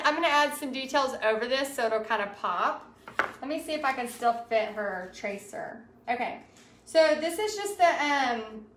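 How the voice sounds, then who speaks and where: A woman's voice: high voice, slight background noise. A woman, hosting a casual live art stream and chatting as she reads viewer comments aloud. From Texas. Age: 40s. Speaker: art livestream host. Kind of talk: casual live craft demo chat. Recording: roomy livestream sound.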